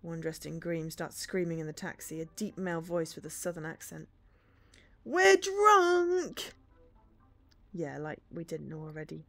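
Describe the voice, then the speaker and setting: A woman's voice: sits low, flat delivery, fairly quick, gravelly, hardly any pauses, darkish tone. A woman streamer reading a story game aloud, with dry, sarcastic asides.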